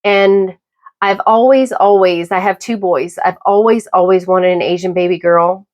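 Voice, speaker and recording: A middle-aged woman hosting her own podcast, talking through a personal, opinionated monologue in a halting, emphatic way. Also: fairly low pitch, steady tone, darkish tone, muffled recording. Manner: emphatic, halting with repeated restarts. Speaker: podcast host.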